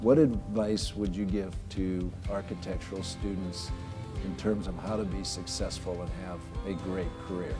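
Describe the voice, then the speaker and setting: A man's voice: sits low, steady tone, moderate pace, music in the background. A man interviewing and presenting an award, earnest and formal. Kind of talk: formal address.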